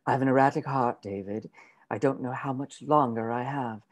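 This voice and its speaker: A woman's voice: mid-range voice, very animated, unhurried. A woman playing a wealthy, frail, melodramatic aunt in a wheelchair, reading a comic play over a video call. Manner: genteel, melodramatic, fussy.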